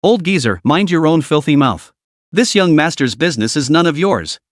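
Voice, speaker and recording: A man's voice: on the high side, lively intonation, normal speed, no room sound, lightly acted. Guy doing a smug sneering rich kid bully, dry close mic. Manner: sneering, scornful. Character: arrogant sneering rich young man, bullying.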